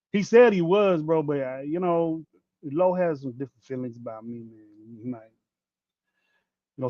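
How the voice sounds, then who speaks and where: A man's voice: fairly high pitch, darkish tone, no echo. A man in his fifties hosting a sports podcast, ranting bluntly with plenty of profanity and rambling restarts. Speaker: podcast host. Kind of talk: casual livestream rant. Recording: dull dry lo-fi mic.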